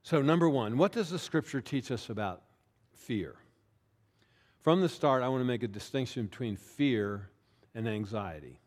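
A man preaching a sermon as pastor, talking in a conversational way, often checking in with listeners and slowing down to stress key words. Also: mid-range voice.

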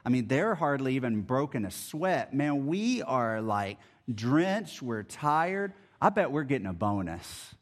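A man's voice: medium pitch, big pitch swings, unhurried, hardly any pauses. A preacher voicing a grumbling, tired day laborer who complains about his pay, in a raised, exasperated voice. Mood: hopeful.

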